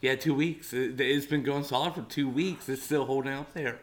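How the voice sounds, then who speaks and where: A man's voice: mid-range voice, steady tone, moderate pace, slight background noise. A young man hosting a casual podcast, talking loosely with swearing, fillers and laughter. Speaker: podcast host. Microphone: one shared mic among three.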